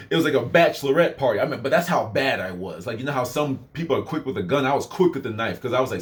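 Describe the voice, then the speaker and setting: A man's voice: medium pitch, expressive, quick pace, few pauses. A young man casually telling a personal story in a rambling way, full of fillers and asides. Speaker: vlogger.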